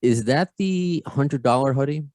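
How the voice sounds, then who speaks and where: A man's voice: medium pitch, unhurried, darkish tone, no echo. An American man hosting a podcast interview over a video call, chatty and self-deprecating, often repeating his words. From United States. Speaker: podcast host.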